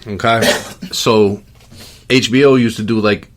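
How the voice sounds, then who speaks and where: A middle-aged man hosting a podcast in casual chat, relaxed and rambling with lots of fillers. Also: fairly low pitch, measured pace. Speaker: podcast host.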